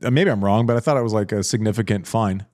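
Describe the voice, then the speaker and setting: A man's voice: lowish voice, quick pace, a little mellow, no echo, clean studio sound. A man hosting a podcast in casual chat, candid and self-deprecating, often repeating himself while he thinks. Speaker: podcast host.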